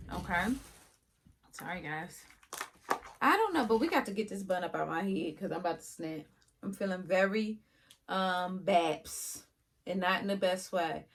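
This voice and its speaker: A woman casually reviewing a wig for her viewers, chatty and often yelling with excitement. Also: mid-range voice. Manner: chatty, addresses viewers as y'all.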